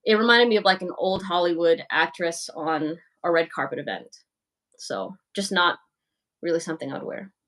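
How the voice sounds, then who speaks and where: A woman's voice: on the low side, lively intonation, normal speed, fairly bright tone. A young woman hosting a livestream, talking casually and frankly as she answers viewers' comments, with plenty of "like" and "you know". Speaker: livestream host.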